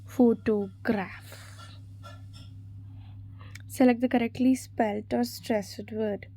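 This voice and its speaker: A woman's voice: a little high, fairly even intonation, slow, dark tone. A woman reading exam quiz questions and answers aloud, spelling words out letter by letter. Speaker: exam revision narrator.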